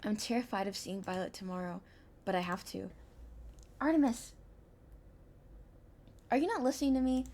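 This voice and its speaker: A woman's voice: mid-range voice, steady tone, brisk, vocal fry, close to an everyday voice. A woman voicing a worried young friend who calls out urgently. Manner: urgent, calling out.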